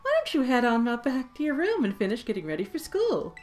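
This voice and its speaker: A woman voicing a cheerful, doting mother in a video game, speaking in a lively, motherly way. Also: fairly high pitch, a little fast, faint music behind, pitched above the performer's own voice.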